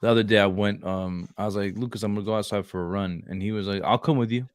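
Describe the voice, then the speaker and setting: A man in his thirties co-hosts a casual podcast chat, telling loose stories and saying "like" and "bro" a lot. He talks fast in a fairly low, level, clear and resonant voice, recorded with clean studio sound and no room noise.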